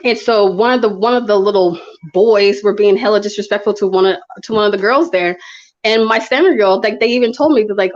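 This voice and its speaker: A woman's voice: medium pitch, fairly quick. A woman in her thirties talking passionately in a casual conversation, telling stories with frequent restarts. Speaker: guest speaker. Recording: dull lo-fi audio.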